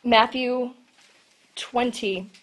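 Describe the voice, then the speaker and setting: Animated woman preaching a sermon. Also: on the high side, drawn-out words. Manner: animated storytelling, acting out Bible scenes.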